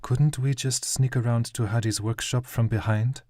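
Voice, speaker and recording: A man voicing a cautious young woman adventurer who speaks softly. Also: mid-range voice, fairly even intonation, normal speed, dry recording, studio quality, lightly acted. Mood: quiet. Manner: soft, quiet.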